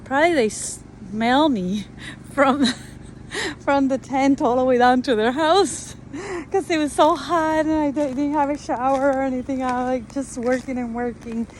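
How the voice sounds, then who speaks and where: A woman's voice: high-pitched, unhurried, a little hiss or hum, rough recording. A woman speaking casually to camera at her wooded building site, with many fillers and restarts. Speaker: tiny house builder. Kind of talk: casual vlog talk to camera.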